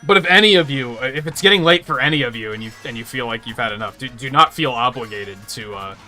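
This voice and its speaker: A man ranting and swearing on a live gaming stream, mocking people in loud bursts. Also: medium pitch, fast, faint music behind. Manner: ranting, profane, mocks others in loud bursts.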